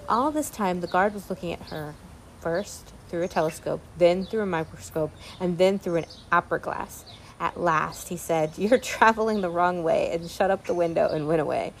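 A woman reading a children's classic aloud, pausing with ums to explain old words. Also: on the low side, creaky, slight background noise. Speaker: reader.

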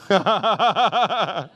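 A man's voice: sits high, lively intonation, very slow, sharp tone. A male pastor preaching a sermon with humor, calling out to his congregation. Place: church sanctuary. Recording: reverberant church hall.

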